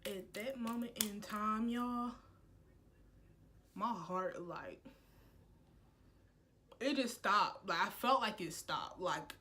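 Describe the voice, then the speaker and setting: A young woman telling a heated storytime to camera, animated and full of "like" fillers. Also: mid-range voice, takes it slowly, pauses often, slight background noise. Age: young adult. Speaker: college student vlogger. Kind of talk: casual storytime.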